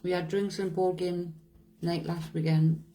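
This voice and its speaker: A woman's voice: lowish voice, flat delivery, measured pace, warm tone, soft background music, poor audio. A woman, a psychic medium, chatting casually on a live stream, reading out viewers' comments, answering them and laughing often.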